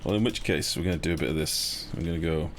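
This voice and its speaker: A man's voice: low-pitched, fast, background noise. A man live-streaming a game, joking and teasing his chat in playful banter.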